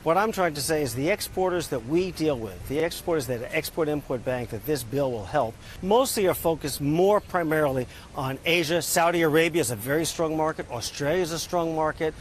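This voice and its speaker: A man with a somewhat high voice answers interview questions in an upbeat way, pausing on "uh" as he reels off figures. There is faint street noise behind him. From United States. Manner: upbeat, talks in figures, frequent "uh" fillers. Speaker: export bank chairman, interview guest.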